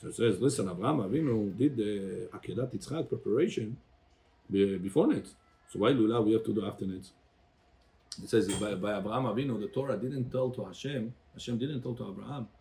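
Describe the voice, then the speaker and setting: A man's voice: lowish voice, brisk, gravelly, mellow. A rabbi teaching a Torah class to a congregation. He calls on listeners by name, quizzes them, and switches between English and Hebrew phrases.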